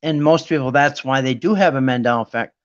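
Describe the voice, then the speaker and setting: A man's voice: mid-range voice, quick pace, muffled recording. A man hosting a Bible study talk, ranting with sarcasm in a rambling, casual monologue.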